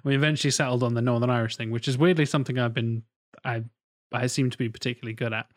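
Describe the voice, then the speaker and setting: A man's voice: medium pitch, fairly even intonation, very fast, no echo. Man, podcast co-host, casual and self-deprecating, close dry sound.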